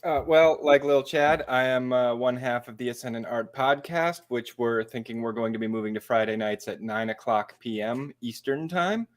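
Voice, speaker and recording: Um homem co-apresentador de podcast, falando de forma direta e crítica. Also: male voice, medium pitch, moderate pace, hardly any pauses. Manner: blunt, critical. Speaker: podcast co-host, critic. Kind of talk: casual self-introduction.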